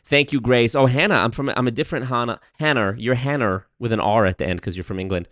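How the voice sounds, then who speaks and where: A man doing casual, joking live-stream commentary, profane and swinging between loud rants and muttered asides. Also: medium pitch, quick pace, dry recording, clean studio sound. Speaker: streamer reacting to clips.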